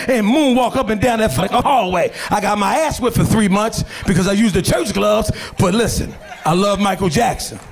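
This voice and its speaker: A man from doing brash, profane stand-up, telling animated stories on a comedy stage. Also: extremely high pitch. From Philadelphia.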